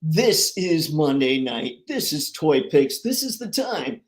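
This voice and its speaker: An upbeat man with a slightly high voice hosts a casual live stream and chats with viewers. His talk is jokey and chatty. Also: big pitch swings, slow pace. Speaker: host of a toy collecting live stream.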